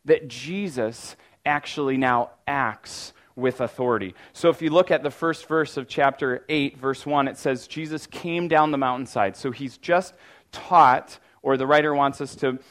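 In an unhurried, medium-pitched voice, this pastor gives a sermon that feels like conversation. Restarted sentences and frequent "like"s run through it, along with occasional loud mock-panic cries.

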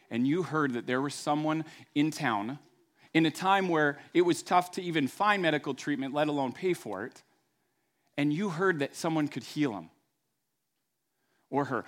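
Pastor guy preaching casual, kinda high voice, tells it like a story. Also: a bit bright. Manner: conversational storytelling, acts out voices. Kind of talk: sermon.

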